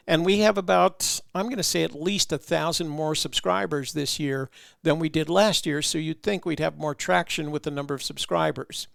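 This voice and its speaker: A man's voice: fairly high pitch, gravelly, clear, resonant tone, no room sound, studio quality. A man hosting a casual livestream chat. He rambles in a friendly way, with lots of fillers and restarts. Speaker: host.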